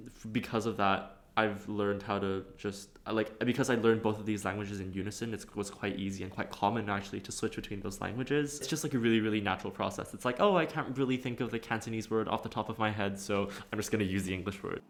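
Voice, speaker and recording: A man's voice: on the low side, steady tone, fast, few pauses. A young man from Hong Kong, talking casually and hesitantly in an interview, with lots of "like" fillers. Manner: hesitant, filler-heavy with frequent "like".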